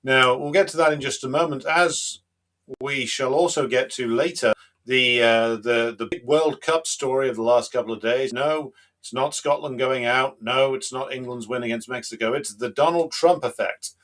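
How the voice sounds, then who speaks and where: Male livestream host, mid-pitched, emphatic and combative, lots of "uh"s. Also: moderate pace, fairly bright tone. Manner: combative, emphatic, with frequent fillers. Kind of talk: live-stream commentary.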